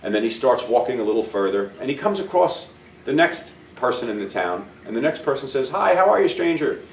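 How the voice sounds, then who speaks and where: A man's voice: mid-range voice, very animated, a little fast, slight background noise. Upbeat man telling a motivational story. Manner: upbeat, encouraging, talks straight to the viewer. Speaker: self-help show host. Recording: roomy sound, distant mic, faint ambience.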